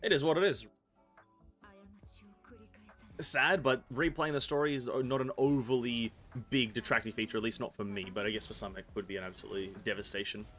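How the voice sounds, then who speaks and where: A man's voice: medium pitch, fairly even intonation, fast talker, a bit bright. Rambling male game streamer, faint music. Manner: rambling, self-correcting, occasional swearing. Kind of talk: casual gameplay commentary while reading game text aloud.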